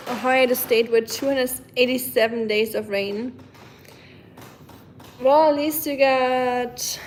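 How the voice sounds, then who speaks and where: Chatty woman, slightly high voice. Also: darkish tone, slight background noise. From Germany. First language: German. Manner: chatty, reads out and answers viewer comments. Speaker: livestream host. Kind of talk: casual live chat with viewers.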